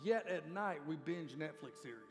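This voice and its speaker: A man with a high voice preaches in a church sanctuary. His sermon is emphatic and conversational, with sudden loud peaks. His words ring with a long hall reverb over faint music. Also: animated, normal speed. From Georgia, USA. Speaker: lead pastor.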